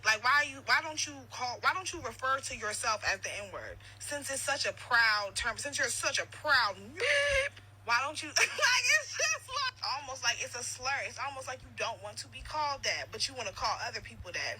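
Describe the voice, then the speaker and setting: Sharp, bright-voiced woman. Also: high-pitched, a little hiss or hum, poor audio. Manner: blunt, exasperated, sarcastic. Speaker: reaction video creator. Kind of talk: casual reaction commentary.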